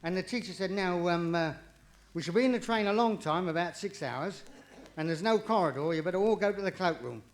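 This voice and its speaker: Cheeky comedian, high voice. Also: male voice, lively intonation. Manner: cheeky, quick jokes with rising punchlines. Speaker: stand-up comedian. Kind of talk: live stand-up comedy patter. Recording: vinyl live recording, audience laughter, distant.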